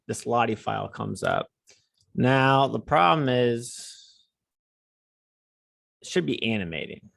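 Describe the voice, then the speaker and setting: A man's voice: lowish voice, gravelly, dry recording. A man on a video call asking an informal, slightly flustered question.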